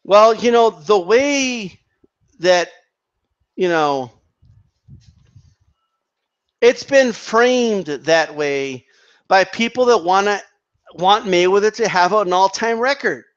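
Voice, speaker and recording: A man's voice: sits high, lively intonation, slow, long pauses, clean tone, muffled recording. A man giving heated, profane boxing commentary, restarting his sentences often as he rants. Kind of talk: ranting commentary vlog.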